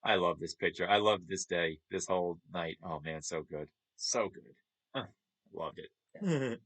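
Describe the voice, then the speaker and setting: A man's voice: low voice, measured pace, a bit bright. Chuckling New man. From New York. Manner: chatty, chuckles often, upbeat. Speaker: streamer. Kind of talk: casual chat over photos.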